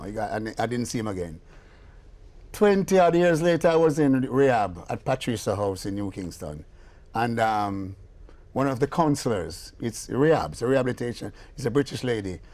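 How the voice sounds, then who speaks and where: An older man with a Jamaican accent, a musician telling stories in a casual interview, acting out the voices in his tales. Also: medium pitch. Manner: animated storyteller, acts out quoted dialogue. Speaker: guest musician and producer.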